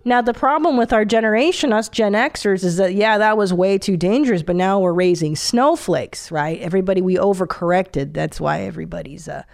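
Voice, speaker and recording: A woman's voice: medium pitch, a little fast, creaky, hardly any pauses. A woman in her forties hosting a podcast, chatting in a blunt, profane way and laughing often. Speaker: podcast host. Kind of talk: casual comedic monologue.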